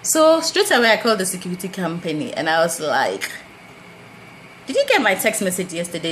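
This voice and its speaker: A Ghanaian woman speaks in a casual storytelling vlog, her voice sitting a little low and turning quiet and muttered when she recounts her own thoughts. She leaps high and bright when she acts out what others said. A faint hum of room ambience sits behind her. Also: brisk, rough recording. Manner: animated, acts out quoted dialogue with big pitch jumps. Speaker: vlogger.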